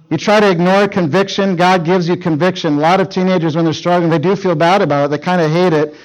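A man's voice: a little high, rough recording. A middle-aged male pastor preaching to teenagers, telling a story and acting out the dialogue with urgency. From Canada. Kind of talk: sermon to teenagers.

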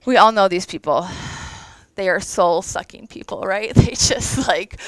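A woman's voice: a little high, moderate pace, a bit bright, smooth, no room sound, poor audio. A woman in her thirties giving a conversational, earnest devotional talk to an audience, emotional at times. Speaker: women's event speaker.

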